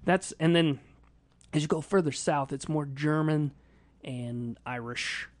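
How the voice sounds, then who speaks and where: A podcast host from a small Indiana town speaks with a Midwestern American accent in a fairly high voice at a measured pace, with no echo. He jokes in lively banter, mocks himself and laughs often, using a studio mic on a spring arm.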